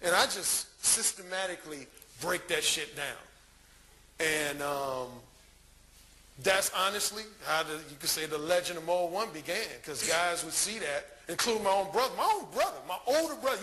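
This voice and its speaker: A man giving a live conference talk as a dating coach, telling crude stories in an animated way. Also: sits high, normal speed.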